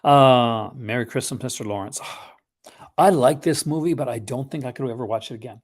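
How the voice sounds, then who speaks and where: A man's voice: medium pitch, normal speed. A man hosting a casual live unboxing stream, chatting in a rambling, conversational way with enthusiastic asides about films he collects.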